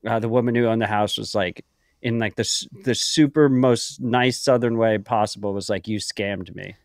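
A man's voice: medium pitch, steady tone, moderate pace, a little mellow, no room sound, studio quality. A man co-hosting a podcast in casual chat, talking in a profane, rambling way full of fillers like "like" and "um". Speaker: podcast co-host.

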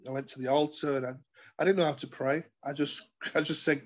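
A man telling his life story as an interview guest, earnest and halting, with many fillers and restarts. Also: on the high side, steady tone, highs cut off. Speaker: guest sharing his testimony. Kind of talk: personal testimony in conversation.

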